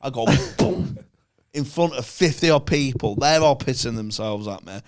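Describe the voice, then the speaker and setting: A man's voice: medium pitch, normal speed. Sweary ranting Northern English man. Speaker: podcast guest. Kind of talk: casual chat.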